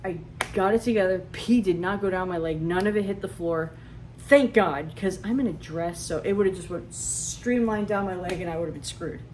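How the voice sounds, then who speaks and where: A woman, telling funny personal stories in an animated, chatty, self-mocking way. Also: lowish voice, moderate pace, a little hiss or hum. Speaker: storyteller. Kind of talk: casual storytelling.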